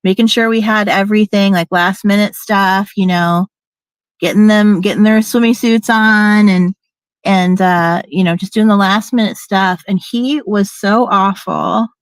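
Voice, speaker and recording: A woman's voice: medium pitch, steady tone, unhurried, clean tone, no echo. A middle-aged woman telling a personal story in a candid, emphatic, casual way, now and then swearing and acting out what people said.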